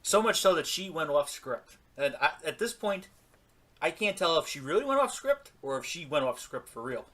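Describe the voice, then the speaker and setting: Casting note: male podcast co-host, bright tense voice, slightly high, chatty storyteller. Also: very animated, moderate pace. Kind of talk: casual wrestling podcast chat.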